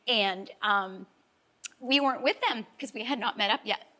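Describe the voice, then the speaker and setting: A woman's voice: fairly high pitch, normal speed, pushed and bright. A middle-aged woman, a life coach guest, telling an emotional personal story in a talk-show interview, earnest and heartfelt and close to tears at times.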